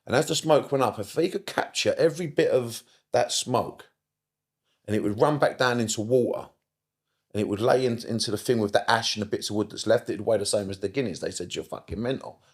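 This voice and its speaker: A middle-aged man, a therapist guest on a casual podcast, talking in an animated way, swearing often and repeating himself for emphasis. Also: medium pitch, fairly quick, slightly rough. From United Kingdom.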